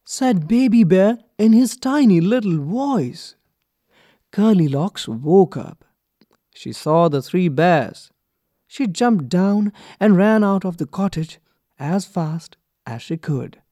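A man reading a children's story aloud from a textbook, clear and deliberate for young learners. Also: high-pitched, lively intonation, mellow, no room sound, studio quality. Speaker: textbook reader. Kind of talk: slow expressive storybook reading.

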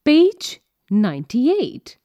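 Slow, clear woman reading lesson prompts. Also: high voice, wildly swooping pitch, dark tone, no echo. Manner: clear, careful classroom delivery. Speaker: textbook reader.

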